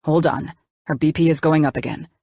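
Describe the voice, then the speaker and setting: A woman doing a calm, soft-spoken male doctor. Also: deep voice, brisk, no room sound. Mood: calm, reassuring. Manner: soft, steady, reassuring.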